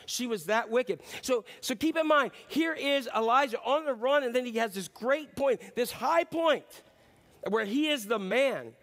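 A pastor preaching a sermon, retelling a Bible story with animated, playful storytelling. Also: male voice, very high voice, a little slow. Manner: animated storytelling, slipping into playful character voices.

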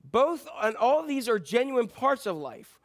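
A man preaching a sermon in a conversational way, repeating key phrases and dropping frequent ums, moving between loud emphatic lines and quiet low asides. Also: very animated, a little slow. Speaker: pastor.

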